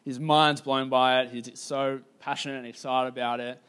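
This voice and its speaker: A man preaching a sermon in a casual, conversational storytelling way, with lots of "like" fillers and slowing down to stress key points. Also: medium pitch, flat delivery, a bit bright, clean tone. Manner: casual, filler-heavy, slows down for emphasis.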